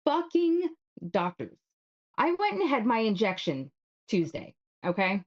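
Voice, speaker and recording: A woman's voice: mid-range voice, wildly swooping pitch, normal speed. Woman cohost venting, swears a lot, kinda dull lo-fi stream sound. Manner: frank, worked-up, swears freely. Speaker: co-host. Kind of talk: casual live-stream chat.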